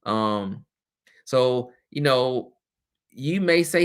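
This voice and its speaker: A man's voice: lowish voice, animated, moderate pace, a bit bright. A man hosting a webcast as a former teacher, talking candidly and casually, with frequent laughs and chatty asides.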